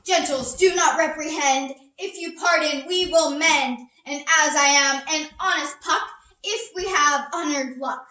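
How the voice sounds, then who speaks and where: A woman playing a bright, mischievous sprite. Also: sits high, a little slow. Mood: wistful. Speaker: actor performing an epilogue. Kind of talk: theatrical verse speech. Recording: echoey room, distant mic.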